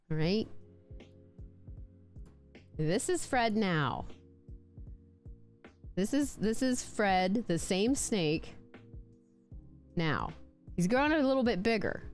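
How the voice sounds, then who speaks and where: A woman on a casual live stream, chatting playfully about her pet snakes and now and then putting on silly voices for them. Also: medium pitch. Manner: chatty, playful, talks with lots of likes and restarts.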